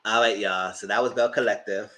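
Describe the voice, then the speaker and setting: A man hosting a casual TV recap, chatty and animated, laughing often and breaking into excited outbursts. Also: fairly low pitch, brisk. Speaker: TV recap host. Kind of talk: casual live TV review commentary.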